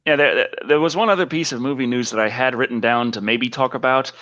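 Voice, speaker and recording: On a casual live stream, a male host chats, rambles and laughs often. His medium-pitched, slightly bright voice moves at a quick pace, and the lo-fi audio is a little dull.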